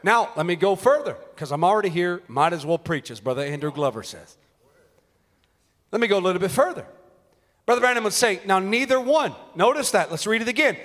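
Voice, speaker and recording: High, bright-voiced young man preaching. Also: very animated, fairly quick. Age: young adult. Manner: impassioned, shouting at peaks, quotes scripture and a prophet. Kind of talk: sermon. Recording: long hall reverb.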